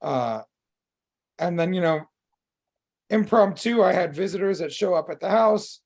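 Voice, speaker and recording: A man with a high, husky voice and a gravelly edge, speaking candidly as a podcast co-host. He talks openly about his feelings, swearing freely and stringing thoughts together with plenty of "um" and "like.". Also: expressive, measured pace, a little mellow. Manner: open and emotional, swears freely, many fillers. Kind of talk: candid casual chat.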